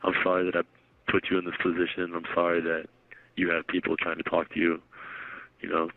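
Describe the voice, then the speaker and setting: Man, jail phone call, gravelly low voice, subdued, tinny phone line. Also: completely flat delivery, a little fast, no echo. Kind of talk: personal phone conversation.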